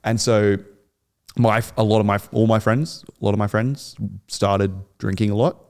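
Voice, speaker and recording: Gravelly-voiced young man, earnest and rambling. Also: lowish voice, fairly even intonation, moderate pace, a little mellow. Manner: earnest, rambling with frequent restarts. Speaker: guest. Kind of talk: podcast interview.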